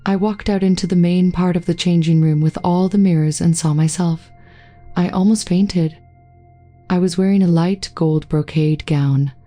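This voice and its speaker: Woman narrator, low pitch, warm mellow tone, steady scripted read over faint music. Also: moderate pace. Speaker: story narrator.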